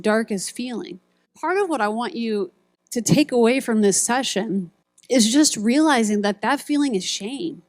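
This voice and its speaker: A middle-aged woman speaking at a ministry retreat gives a sermon, telling stories and acting out quoted voices and buzzer sounds. Her voice is on the high side with a darkish tone, and there's no echo.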